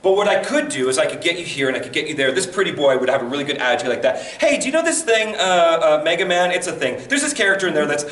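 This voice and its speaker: A man with a deep voice giving advice as a voice actor guest, telling stories animatedly and acting out quotes. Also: animated, quick pace, few pauses, fairly bright tone. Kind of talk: conversational advice talk. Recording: echoey room, mic at a distance.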